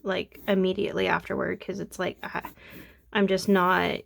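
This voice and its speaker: A woman's voice: fairly low pitch, flat delivery, normal speed, creaky. A young woman chatting casually while she draws, rambling and self-deprecating, a bit sniffly from allergies. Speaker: art vlogger. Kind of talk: casual chat while drawing.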